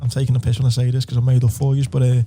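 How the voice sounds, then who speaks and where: A man's voice: medium pitch, completely flat delivery, very fast, dark tone, faint music behind. A man chatting casually as a podcast guest, rambling and swearing. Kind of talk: casual chat.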